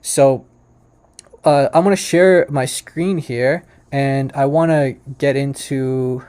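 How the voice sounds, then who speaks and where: A man's voice: medium pitch, steady tone, slow pace, darkish tone, clean tone. A man hosting a commentary on a video, explaining and correcting points patiently at his computer. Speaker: host.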